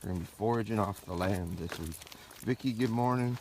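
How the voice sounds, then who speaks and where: A fairly low-pitched man talks fairly quickly during a live stream from a rural farm, where he works as a dog trainer. Between chats with viewers he gives his dogs short, firm commands, and his phone or camera on a tripod picks up a noisy outdoor soundscape.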